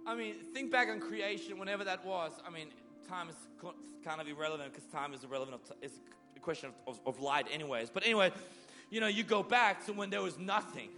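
A male preacher giving a sermon, swinging between loud bursts and soft, low lines as he acts out biblical figures. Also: quick pace, faint music behind.

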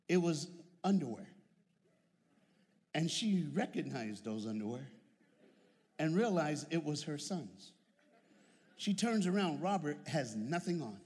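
A man preaching a lively, humorous sermon with call-and-response to his congregation, heard with long reverb in a church. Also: on the high side, slightly rough.

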